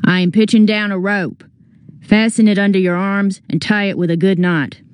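A woman reading aloud, voicing a gruff older lawman who gives short, blunt orders. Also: medium pitch, steady tone, normal speed, no room sound, lightly acted. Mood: urgent.

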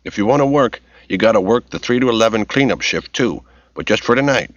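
A man's voice: lowish voice, animated, brisk, no room sound, pitched above the performer's own voice. A man reading a blunt, matter-of-fact middle-aged slaughterhouse supervisor. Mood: brusque. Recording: dull lo-fi recording.

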